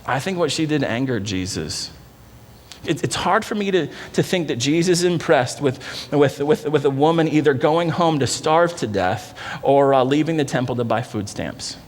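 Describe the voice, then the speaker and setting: A male pastor with a slightly higher voice delivers a sermon in an earnest, conversational manner. He sinks into low, quiet tones for emphasis. His words ring out with a long reverb from a large church sanctuary. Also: animated, moderate pace.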